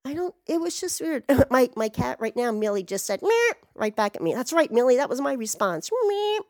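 A woman telling a rambling, excitable story at home in a casual way, swearing freely as she goes. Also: fairly high pitch, a little fast, no echo, studio quality. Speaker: vlogger.

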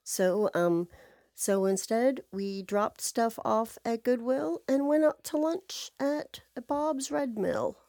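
Woman, casual monologue, chatty, sarcastic, mellow, dry close sound. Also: on the high side, takes it slowly, dry recording. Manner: chatty, animated storytelling with sarcastic asides and swearing.

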